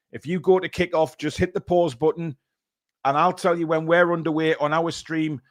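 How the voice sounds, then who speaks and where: A man's voice: on the high side, no room sound, clean studio sound. A middle-aged man co-hosting a live football watchalong, chatting casually and speaking straight to his viewers. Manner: chatty, joking, addresses viewers directly. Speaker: co-host of a live match watchalong.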